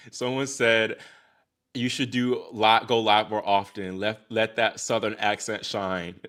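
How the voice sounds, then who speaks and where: A young man from Virginia hosting a casual live stream, chatting excitedly with viewers, sighing and exclaiming as he reacts. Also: lowish voice. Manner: excitable, talks to chat, sighs and exclaims. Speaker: livestream host reacting to tennis.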